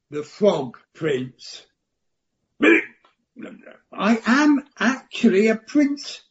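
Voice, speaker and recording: A woman's voice: mid-range voice, a little mellow. A woman voicing a young male frog prince in an amateur radio play, theatrical and pleading. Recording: slightly muffled radio play recording.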